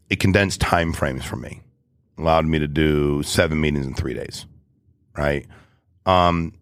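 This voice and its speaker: A man's voice: extremely low pitch, smooth, dry recording, clean studio sound. A man in his forties talking casually in an interview, rambling and blunt, full of slang like "dude" and "ain't". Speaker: guest, business owner.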